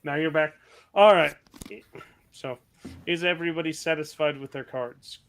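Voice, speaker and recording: A man running an online tabletop game as game master, his voice sitting a little high for a man. He narrates the action in a relaxed, joking way over a voice call. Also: normal speed, clear, resonant tone.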